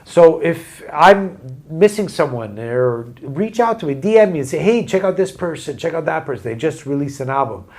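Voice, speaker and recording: A man's voice: on the high side, lively intonation, moderate pace, hardly any pauses, a little mellow. A man hosting a podcast over a video call, chatting casually in a rambling, joking, self-deprecating way. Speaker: podcast host. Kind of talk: casual chat.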